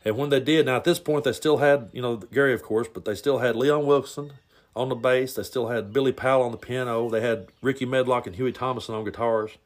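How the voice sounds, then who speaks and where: In a mid-range, steady voice that runs a little fast, a male podcast host wanders through a story in a casual monologue. He's blunt and rambling, often stumbling and repeating words.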